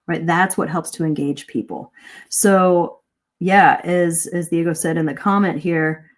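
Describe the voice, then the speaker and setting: A woman teaching English speaking in a live online lesson, lively and demonstrative, asking her listeners questions. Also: fairly low pitch, normal speed.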